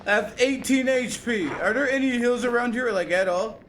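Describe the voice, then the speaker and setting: A young adult man commentating live gameplay, reacting aloud to chat and the game in an animated, slangy way. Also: very high voice, normal speed, background noise. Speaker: streamer.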